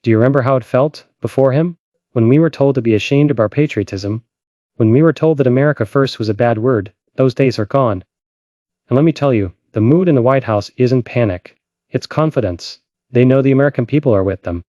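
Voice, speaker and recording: A man hosting a commentary show, speaking with urgent, dramatic emotion. His voice is dark and mellow. The sound is dry and close, with no room around it. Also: medium pitch, fairly quick, no echo, dull audio. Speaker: host. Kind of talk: impassioned political commentary.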